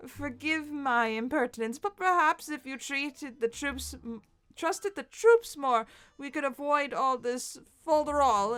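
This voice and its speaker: A woman's voice: sits high, fairly bright tone. A woman voicing a smug young man with a put-on English accent, talking in a mock-formal, pompous way.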